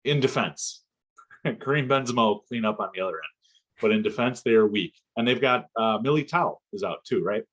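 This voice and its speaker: A man co-hosting a casual football podcast, talking in an animated, excitable way and laughing often. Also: lowish voice, normal speed. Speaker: podcast co-host.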